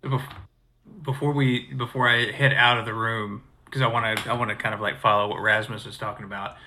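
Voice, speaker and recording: A man playing a tabletop game over an online voice call, halting and full of fillers as he describes his character. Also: on the low side, little pitch movement, pushed and bright, a little hiss or hum. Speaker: player. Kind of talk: casual tabletop role-play.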